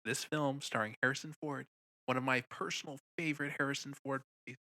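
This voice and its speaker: A man co-hosting a casual film podcast, excitable and profane, rambling through a plot with many restarts. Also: medium pitch, a little fast. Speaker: podcast co-host. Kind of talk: casual film review chat.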